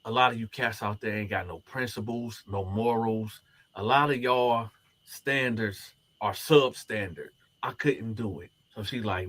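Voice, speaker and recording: A man's voice: fairly low pitch, normal speed. A man, a former prisoner, telling a story and acting out the other people's lines as he goes. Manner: animated, acts out the other people's quoted lines. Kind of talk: storytelling to camera.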